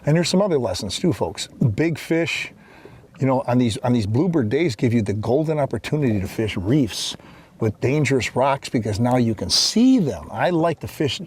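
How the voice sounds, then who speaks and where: A man's voice: mid-range voice, big pitch swings, moderate pace, darkish tone, husky. A man hosting a fishing show from a boat, folksy and enthusiastic, talking to viewers as folks. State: out of breath after lifting fish. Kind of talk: outdoor fishing show banter. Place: on a boat out on a lake.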